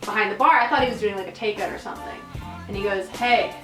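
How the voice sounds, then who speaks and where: A woman's voice: mid-range voice, fast talker. A woman co-hosting a podcast, telling work stories in a casual, profane, laughing way. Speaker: podcast co-host. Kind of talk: casual storytelling chat. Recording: echoey room, distant mic, faint music.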